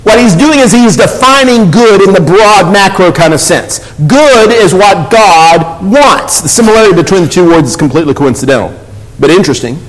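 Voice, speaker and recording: A male preacher with a notably high-pitched voice delivers a sermon. His manner is conversational yet emphatic, with frequent restarts as he works through his points. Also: rough recording.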